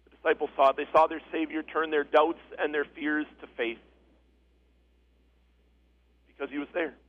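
A pastor delivers his sermon in a high, earnest man's voice, circling back to repeat key phrases for weight. The recording is dull and lo-fi, like a modest church capture. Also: flat delivery, moderate pace.

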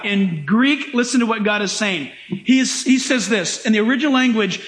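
A man preaching a sermon as pastor, animated and emphatic, sometimes laughing as he speaks. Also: very high voice, moderate pace, few pauses, echoey room.

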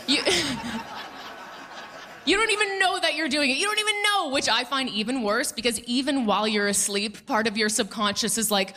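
A woman's voice: sits high, animated, normal speed, bright, forceful tone. A woman in her thirties doing a stand-up comedy set, sarcastic, punchy and self-mocking.

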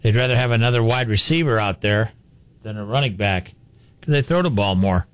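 A man's voice: on the low side, fairly quick, no room sound. A man co-hosting a sports radio show, talking casually with dry, teasing asides. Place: radio studio.

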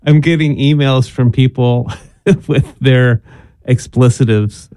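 A man's voice: medium pitch, fairly even intonation, slow pace, darkish tone, no echo, studio quality. A man co-hosting a radio show, reading listener emails and laughing often in a playful way. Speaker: radio co-host. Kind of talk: casual radio chat.

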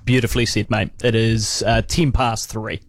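A man co-hosting a talk radio show, giving brisk, upbeat time checks. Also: fairly low pitch, level tone, no room sound, clean studio sound. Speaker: radio co-host. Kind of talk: radio links.

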